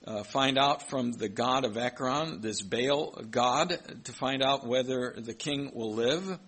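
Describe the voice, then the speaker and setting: A man's voice: mid-range voice, a little slow, few pauses, fairly bright tone, breathy edge, low-quality recording. A man preaching a sermon, reading Bible verses aloud and explaining them, with some hesitant restarts. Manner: reads scripture aloud and comments, with hesitant restarts.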